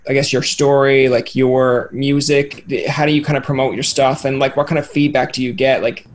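A man's voice: mid-range voice, steady tone, moderate pace, a little hiss or hum. A man hosting a podcast, chatting casually and rambling through jokey questions, often acting out imagined voices. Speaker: podcast host. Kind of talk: casual interview chat.

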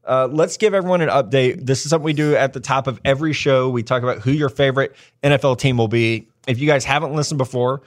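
Man, sports podcast host, joking banter, mid-pitched voice, office. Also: fast talker, few pauses. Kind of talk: casual sports chat.

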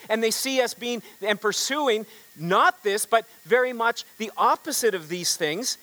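High-voiced pastor preaching a sermon. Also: male voice, measured pace, pushed and bright, poor audio. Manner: storytelling with congregation call-and-response; frequent repeated words and restarts.

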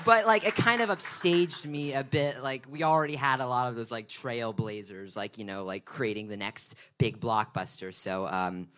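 A man casually pitching his musical idea, rambling with lots of fillers and self-mocking asides. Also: normal speed, few pauses. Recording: long hall reverb with loud music.

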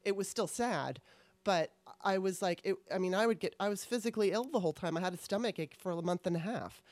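A woman's voice: medium pitch, quick pace, darkish tone, no room sound. A woman hosting a casual chat, talking candidly and in a rambling way, with casual swearing. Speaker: podcast host. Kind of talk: casual conversation.

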